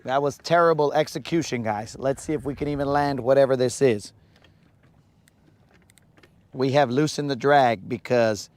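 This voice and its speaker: A man's voice: medium pitch, a little mellow, no room sound. A man hosting a live fishing vlog outdoors on a lake, with playful, hyped banter full of Spanish slang. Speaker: angler, channel host.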